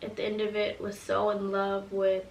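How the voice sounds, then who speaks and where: Young woman, storytime vlog, earnest, reflective, gravelly fry, roomy echo, set back from the mic. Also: medium pitch, completely flat delivery, normal speed, far from the mic, slight background noise. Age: 20s. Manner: earnest and reflective, speaks openly about hard times. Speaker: mother telling her pregnancy story. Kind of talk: storytime vlog, casual confessional talk.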